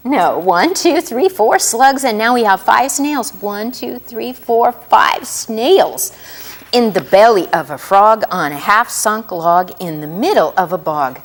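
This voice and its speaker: A woman reading a picture book aloud to young children as storyteller, asking them questions as she goes. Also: medium pitch. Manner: animated, asks children questions often; drawn-out sing-song rhyming delivery.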